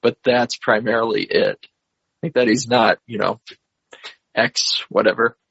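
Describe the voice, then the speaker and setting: A man co-hosting a podcast who retells a film's plot in a measured, slightly hesitant way, with a husky voice. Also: medium pitch, steady tone, fairly bright tone, dry recording, lo-fi sound. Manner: measured, hesitant, recounts scenes step by step. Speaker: podcast co-host. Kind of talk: casual film discussion, retelling the plot.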